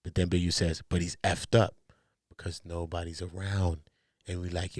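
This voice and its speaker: A man hosting a commentary show, talking in heavy slang, emphatic, jumping from loud outbursts to low mutters. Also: level tone, measured pace, no echo, clean studio sound. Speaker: commentary host. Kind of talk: animated commentary.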